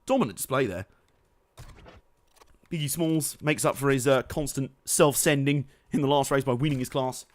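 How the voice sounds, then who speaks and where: This let's play streamer is a man with a medium-pitched, steady voice, talking a little fast with few pauses and no room sound. He cracks jokes, swears and laughs often as he streams a racing game, whose music and engine noise run underneath.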